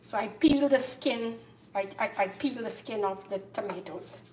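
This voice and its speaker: A woman with a Caribbean accent hosting a casual cooking demonstration, chatty and repeating herself, getting loud and emphatic when she makes a point. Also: on the high side, moderate pace, far from the mic, heavy background noise. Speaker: cooking show host. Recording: echoey kitchen, voice from off-mic. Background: faint clatter of pots and dishes.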